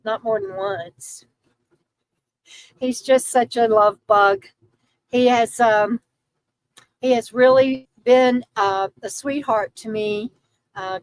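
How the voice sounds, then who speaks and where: A middle-aged woman hosts a livestream as a vlogger, chatting and giggling while reading viewer comments aloud, and she coos to her dog in a soft baby voice. Her mid-range voice stays steady at a measured pace, though the recording quality is low.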